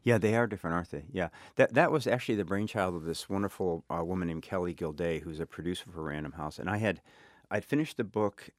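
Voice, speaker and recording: A middle-aged man with a South Side Chicago accent and a very low voice speaks reflectively as an interview guest. He pauses and restarts his sentences as he thinks. The recording is dry and close. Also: no room sound. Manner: thoughtful, halting, many restarts. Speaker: author guest.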